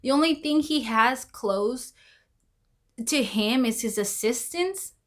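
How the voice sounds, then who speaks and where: A woman's voice: fairly high pitch, expressive, slow pace. A woman vlogging casual commentary, rambling, repeating herself and exclaiming as she goes.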